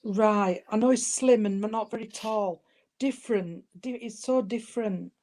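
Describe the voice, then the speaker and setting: A woman's voice: medium pitch, measured pace. A woman, working as a spiritualist medium and giving spirit messages, calling her listeners darling and sweetheart. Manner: warm, calls people darling and sweetheart.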